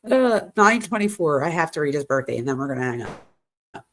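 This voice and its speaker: A woman's voice: low voice, sing-song, moderate pace. Casual woman reading texts aloud. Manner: casual, addresses viewers directly, reacts to what she reads. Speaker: true crime host.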